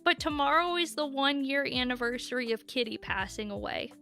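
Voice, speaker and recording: A woman's voice: high voice, expressive, brisk, music in the background. A young woman streaming, chatting casually and candidly with her viewers and swearing freely. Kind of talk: casual live-stream chat.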